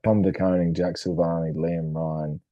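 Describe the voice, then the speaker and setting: A man's voice: sits low, flat delivery, moderate pace, no echo, lo-fi sound. An Australian man co-hosting a casual sports podcast, trading wry jokes and banter. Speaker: podcast co-host.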